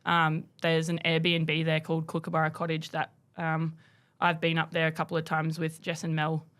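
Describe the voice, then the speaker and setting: A woman's voice: low-pitched, monotone, normal speed, a bit bright, clean tone. A woman guesting on a podcast, talking in a laid-back way with frequent ums. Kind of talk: casual chat.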